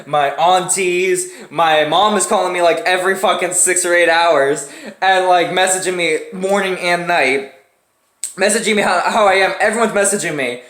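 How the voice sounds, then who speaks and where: A man's voice: sits high, moderate pace, fairly bright tone, reverberant. A young man telling a story in a casual, profane way, acting out the people he quotes with laughs and grunts.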